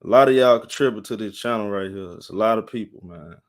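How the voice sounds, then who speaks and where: Tired live-stream sports host, rambling. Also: male voice, lowish voice, fast. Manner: rambling, repeats himself, greets chat viewers by name.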